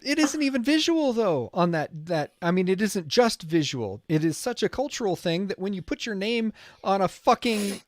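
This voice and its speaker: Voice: mid-range voice, sing-song, moderate pace, hardly any pauses, dry recording. A podcast panelist speaking bluntly and emphatically in casual conversation.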